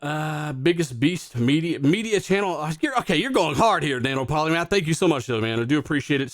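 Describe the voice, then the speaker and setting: A man's voice: fairly high pitch, expressive, brisk, few pauses, no echo, clean studio sound. A man hosting a live gaming podcast, talking loosely with lots of fillers and some swearing. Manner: loose, profane, rambling with fillers. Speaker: podcast host. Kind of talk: casual live-stream chat.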